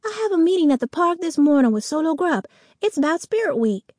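A woman reading an audiobook, voicing a secretive fifth-grade boy who talks in an urgent hush. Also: high-pitched, very animated, fairly quick, no room sound, studio quality, voice pushed up. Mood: eager. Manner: hushed and urgent when whispering.

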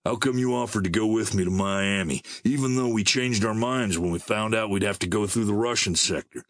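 Sheepish young male drifter, mild and subdued, low, dry and close , read by a male narrator. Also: fairly quick, a bit bright, dry recording, close to an everyday voice.

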